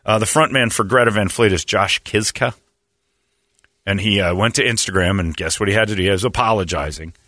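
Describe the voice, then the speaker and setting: A man riffs sarcastically through a loose talk show segment, poking fun at whoever he's discussing. His voice has a bright, pushing edge. The sound is dry and close, with no room around it. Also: fairly low pitch, fairly quick, no room sound. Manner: sarcastic, mocking, reads quotes in put-on voices. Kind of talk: casual talk radio banter.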